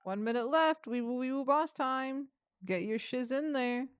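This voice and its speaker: A woman with a high, smooth voice speaks at an unhurried pace. She's a streamer chatting casually with her viewers, bubbly and chatty, greeting chat warmly and making everyone feel welcome.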